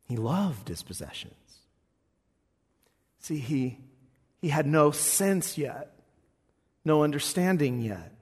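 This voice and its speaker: A male pastor preaching a sermon, expressive, swinging between loud passages and hushed ones. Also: mid-range voice, breathy edge, long reverb tail.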